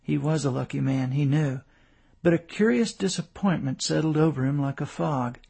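A man narrating a novel in a measured storytelling voice. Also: on the high side, creaky, mellow, husky. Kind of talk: audiobook narration.

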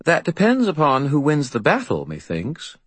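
Man doing a fairy godmother, haughty, ageless, arch and fussy, lifted high, audiobook. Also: big pitch swings, a little slow, slightly rough, no room sound. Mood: imperious. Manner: arch, grandly fussy and commanding. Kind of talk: audiobook character voice.

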